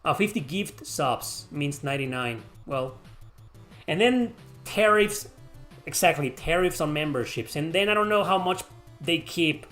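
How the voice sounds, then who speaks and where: A man's voice: on the high side, animated, a little slow, fairly bright tone, faint music behind. A man casually answering chat questions on a livestream, rambling and swearing freely.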